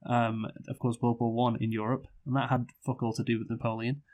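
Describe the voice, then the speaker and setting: A film reviewer and podcast co-host talks briskly in a relaxed, casual review chat, his pitch in an ordinary male middle range. He rambles, filling his speech with "you know" and "like," stumbling into restarts and swearing now and then.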